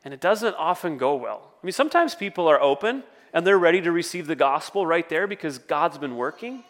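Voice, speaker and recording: A man's voice: high voice, expressive, a little fast, few pauses, in a large hall. A man preaching a sermon as pastor, conversational, with storytelling asides.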